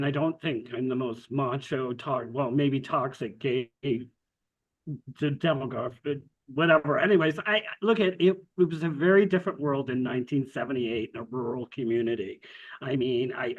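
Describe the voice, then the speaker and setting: A man's voice: medium pitch, normal speed. A middle-aged man, a scientist, answering frankly and reflectively on a video-call panel, with wry asides. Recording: dull lo-fi video call audio.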